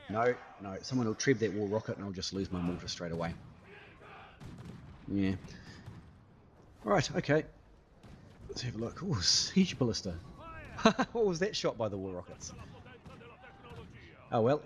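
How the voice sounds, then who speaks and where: A gaming YouTuber narrates his gameplay live, chatty and playful, throwing in little sound effects. His pitch swings widely and he stays lively throughout. The recording is muffled, with slight background noise.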